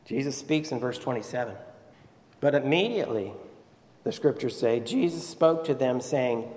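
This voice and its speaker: A male pastor delivers a Sunday sermon, retelling the story and putting questions to his congregation. His voice sits at an ordinary middle pitch. The sanctuary's long reverb trails after his words. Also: animated, moderate pace, darkish tone. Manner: storytelling, asks the audience questions.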